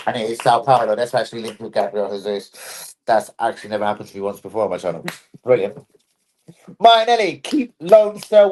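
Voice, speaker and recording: A man's voice: lowish voice, darkish tone, slight background noise. A young man hosting a football fan live stream, chatting in a sweary, jokey, rambling way. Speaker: football fan channel host. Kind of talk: casual live-stream chat.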